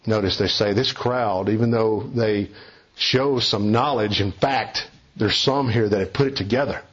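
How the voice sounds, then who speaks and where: Husky-voiced man preaching a sermon. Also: unhurried. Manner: emphatic, shifts pitch widely for quoted speech. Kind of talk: expository sermon. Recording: dull lo-fi recording.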